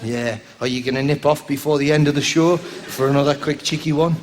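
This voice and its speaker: High-voiced comic riffing with a crowd. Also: male voice, fairly even intonation, brisk. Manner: rambling, bursts into high squeals and silly voices. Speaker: stand-up comedian. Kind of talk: stand-up crowd work. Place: theatre stage. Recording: live show recording with noise behind.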